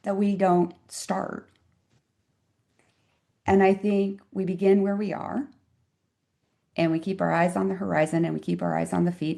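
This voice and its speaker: A woman's voice: fairly low pitch, creaky, warm tone. Earnest woman in her fifties, reflective. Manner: earnest, reflective, emphatic storyteller. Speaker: physician guest. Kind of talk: conversational interview storytelling.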